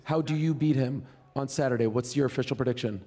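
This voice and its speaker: A man's voice: mid-range voice, fast, dark tone. A man hosting a fight press conference, asking the questions with frequent hesitations. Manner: hesitant, filler-heavy.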